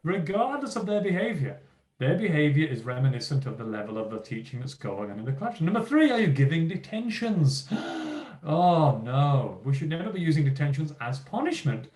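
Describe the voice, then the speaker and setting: A man's voice: on the high side, a little fast, reverberant. A man giving a motivational keynote talk to teachers, speaking emphatically and acting out what teachers and children say. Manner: lively, emphatic, acts out quoted teachers and children.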